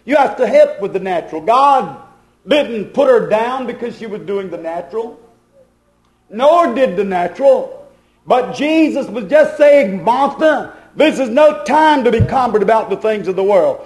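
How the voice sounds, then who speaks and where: High-voiced fervent preacher in echoey hall. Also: male voice, animated, a little slow. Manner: fervent preaching, rising and falling loudness. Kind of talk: sermon.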